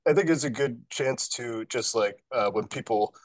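A man in a casual political podcast discussion who speaks haltingly, with many "uh" and "um" restarts. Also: mid-range voice, no room sound. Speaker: podcast guest.

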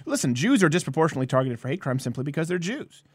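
Male host, live-stream ranter: lively, emphatic, slightly high voice, dry close sound. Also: very fast, slightly rough, no room sound. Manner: animated, emphatic ranting with jokes. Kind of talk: political comedy live-stream chat.

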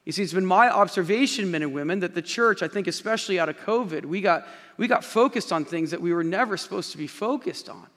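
Male pastor preaching emphatically from a big church stage; fairly high voice carrying a long room echo. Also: fast talker, hardly any pauses, fairly bright tone. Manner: emphatic preaching, repeats key phrases, addresses the congregation directly. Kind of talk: sermon. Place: large church auditorium with a stage. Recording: long reverb of a large hall.

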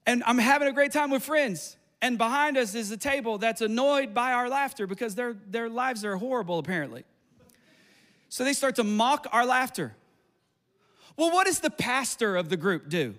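Storytelling from the pulpit: a very high-voiced, middle-aged man who pastors delivers his sermon with animation, tossing in quick asides and laughter.

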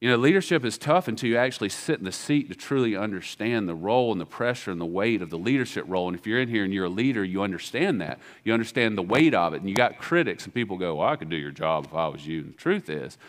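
A man with a Southern American accent preaching a sermon as pastor, acting out biblical dialogue in a casual, animated way. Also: on the low side, fast talker, hardly any pauses.

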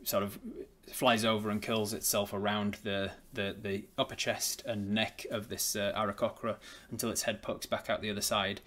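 Low-voiced, hesitant male game master. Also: level tone, normal speed, hardly any pauses, sharp tone. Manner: hesitant, many fillers and restarts. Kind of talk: narrating a tabletop game.

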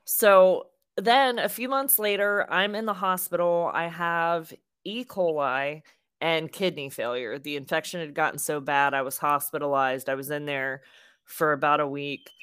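A young adult woman co-hosting a podcast, telling a story in a casual, animated way and acting out the quotes. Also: low-pitched, measured pace, clean tone, dry recording, studio quality. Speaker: podcast co-host.

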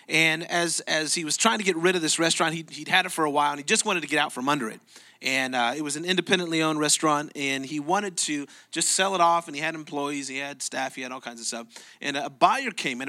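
A man's voice: a little high, pushed and bright. A man preaching a sermon in church, telling a story in a conversational, emphatic way. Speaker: pastor.

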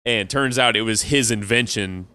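A man's voice: fairly low pitch, normal speed, sharp tone, clean tone. A man chatting casually on a podcast, rambling through long stories and laughing at his own jokes. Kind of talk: casual chat.

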